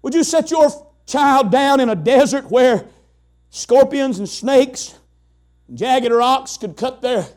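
A man's voice: high voice, darkish tone. A man preaching a sermon in an emphatic, folksy way, asking the congregation rhetorical questions.

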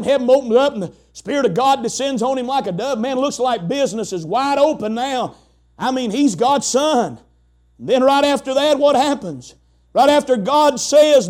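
A man's voice: extremely high pitch, a little mellow. A man preaching a sermon in an emphatic, folksy way, asking the congregation rhetorical questions.

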